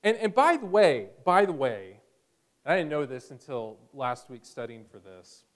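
Man, pastor, conversational sermon, high voice, smooth clear tone. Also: big pitch swings, normal speed. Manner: conversational preaching, rises to bursts of energy.

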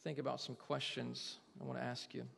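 A man's voice: mid-range voice, level tone, brisk, vocal fry, a bit bright, slightly rough, big-room sound. A man preaching a sermon to a congregation, earnestly asking them question after question. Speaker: pastor.

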